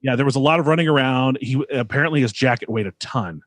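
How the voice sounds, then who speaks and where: A man's voice: mid-range voice, quick pace, fairly bright tone, dry recording. A man co-hosting a podcast, talking in a loose, rambling way full of fillers and good-natured ribbing. His voice sits in a middle register. It is recorded close and dry, with no room sound around it. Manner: chatty, teasing, lots of fillers. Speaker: podcast co-host. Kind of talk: casual podcast chat.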